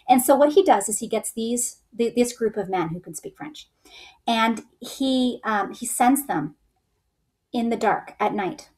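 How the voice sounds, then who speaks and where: A woman's voice: a little high, lively intonation, moderate pace, darkish tone. A woman teaching history in a casual storytelling way, acting out quoted soldiers in raised voices.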